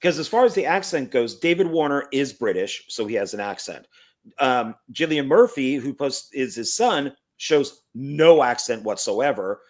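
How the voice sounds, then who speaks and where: A man hosting a casual film review chat, explaining points in a measured way. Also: medium pitch, expressive. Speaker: podcast host.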